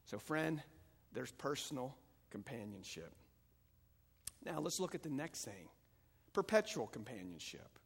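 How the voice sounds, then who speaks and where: A man preaching a sermon as pastor, moving between calm teaching and loud, fervent passages. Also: medium pitch, measured pace, pauses often, husky. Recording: long hall reverb.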